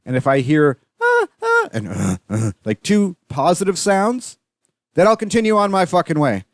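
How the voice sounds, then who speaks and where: A man's voice: sits high, normal speed, no room sound, studio quality. A young Canadian man hosting a podcast, telling stories in a profane, rambling, casual monologue. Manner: profane, rambling, animated when retelling. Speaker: podcast host.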